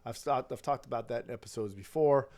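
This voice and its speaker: A young man co-hosting a faith podcast, chatting casually and telling lively stories with frequent laughter. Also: mid-range voice, fast talker. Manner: animated storyteller, laughs often. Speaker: podcast co-host.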